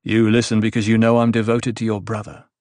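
A calm, unflappable male advisor, played by the narrator, with a slightly lowered, measured voice that reasons evenly. The sound is dry and close-miked. It is a low-key audiobook character. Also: dry recording, close to an everyday voice.

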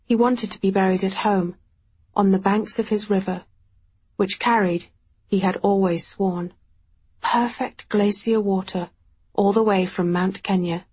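A woman narrating an audiobook in the first person, quiet, measured and reflective. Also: mid-range voice, fairly even intonation, breathy edge.

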